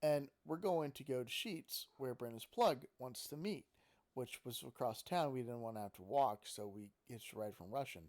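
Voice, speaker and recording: A man's voice: mid-range voice, normal speed, darkish tone. Profane, rambling male storyteller. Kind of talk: casual storytelling.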